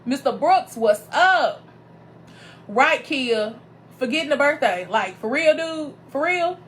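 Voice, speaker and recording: A woman minister hosting her show, telling a personal story in a casual, animated way, calling her viewers y'all and greeting them by name as they join. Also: sits high, takes it slowly, a little hiss or hum.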